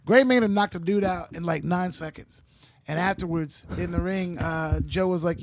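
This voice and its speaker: A man co-hosting a podcast, telling stories in an animated, profane way. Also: sits high, moderate pace, no echo. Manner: animated storyteller, swears. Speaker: podcast co-host. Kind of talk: casual chat.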